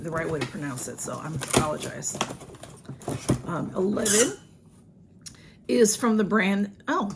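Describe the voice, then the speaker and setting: A woman's voice: medium pitch, background noise. A woman, chatting casually through an unboxing with lots of ums and restarts. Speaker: vlogger. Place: home room with a ring light.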